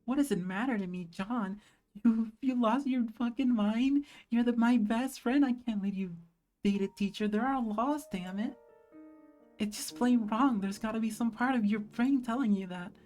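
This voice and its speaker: A woman's voice: fairly high pitch, normal speed, darkish tone, faint music behind, lightly acted. A woman voicing an angry teenage schoolgirl who talks bluntly and swears at her best friend. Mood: furious.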